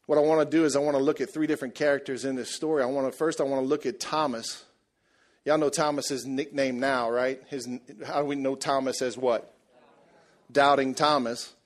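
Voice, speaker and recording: A man preaching a sermon, telling the story in a lively, joking way and acting out the people in it. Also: medium pitch, fairly quick. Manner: animated, jokey storytelling, acts out voices. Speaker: pastor.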